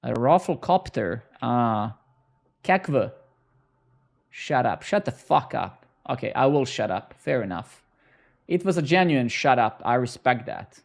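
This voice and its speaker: A man's voice: mid-range voice, big pitch swings, a little slow, creaky. A young man live-coding on stream, bantering sarcastically and swearing at his chat as he works.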